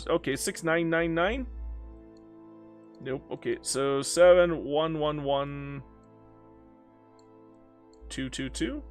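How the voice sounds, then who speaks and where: A young man giving goofy, teasing let's-play commentary, haggling aloud with the game and calling everyone bro. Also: a little high. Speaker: strategy game player.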